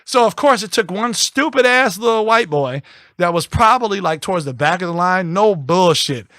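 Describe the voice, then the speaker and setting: A man's voice: high voice, normal speed, no echo, clean studio sound. A young adult man co-hosting a casual podcast, telling a story and acting out the people in it. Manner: animated, acts out quoted voices. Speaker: podcast co-host.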